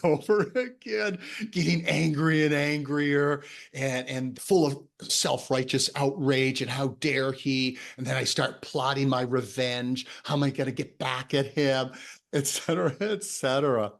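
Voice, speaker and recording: A man tells a workplace story in a relaxed conversation. His voice sits at a middle pitch. He is animated and laughs often while he talks. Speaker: coach and author.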